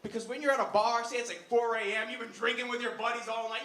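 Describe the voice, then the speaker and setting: A man doing a stand-up set on a comedy club stage, animated and loud, shouting his punchlines. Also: extremely high pitch, quick pace. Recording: roomy club with audience noise.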